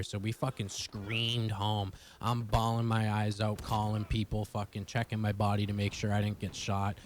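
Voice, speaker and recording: A man's voice: lowish voice, flat delivery, slight background noise. A young man telling a personal story to his viewers in a casual, profane, rambling way. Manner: profane, fast-rambling retelling. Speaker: vlogger.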